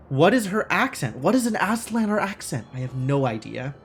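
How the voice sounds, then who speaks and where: Guy streaming a game, lively up-and-down voice, kinda high, thinking out loud. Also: moderate pace, few pauses, slight background noise. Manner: animated, thinking aloud, self-mocking. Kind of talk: live game commentary.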